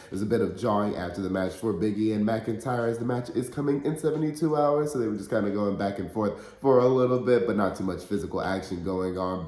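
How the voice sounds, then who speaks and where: A man with a fairly low voice talks through his recap in a relaxed, blunt way, full of fillers and frank takes. The recording has a noticeable room echo around him. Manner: blunt, conversational, frank opinions with filler words. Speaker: podcast host. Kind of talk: casual wrestling recap commentary. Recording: roomy echoey room.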